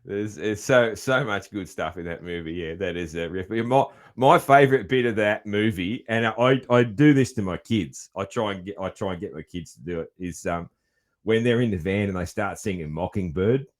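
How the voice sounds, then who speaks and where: Laid-back deep-voiced Australian man. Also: normal speed. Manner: laid-back, swears often, says man a lot. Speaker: podcast host. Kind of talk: casual chat.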